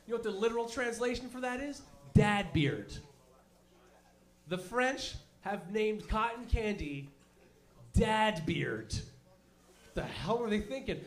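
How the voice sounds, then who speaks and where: A young man doing a stand-up comedy set, telling profane, animated stories and slipping into mock voices. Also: sits high, a little slow. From Canada.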